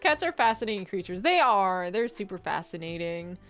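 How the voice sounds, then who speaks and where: A woman's voice: mid-range voice, very animated, brisk, a bit bright, soft background music. A woman streamer in casual chat, rambling and laughing often as she reads chat messages.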